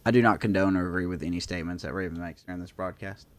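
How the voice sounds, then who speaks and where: A man's voice: deep voice, fairly even intonation, rapid-fire. A man hosting a live gameplay stream, chatting casually and joking self-deprecatingly with his co-player. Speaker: streamer and host.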